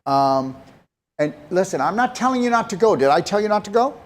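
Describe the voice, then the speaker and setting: A man's voice: high voice, lively intonation, fairly quick. A man giving health advice to a caller, talking directly and emphatically and pressing her with pointed questions. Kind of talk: call-in advice talk.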